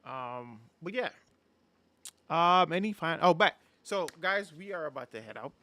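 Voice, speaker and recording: A man hosting a podcast, relaxed and chatty in casual talk. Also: a little high, a little slow, no room sound. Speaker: podcast host. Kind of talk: casual chat.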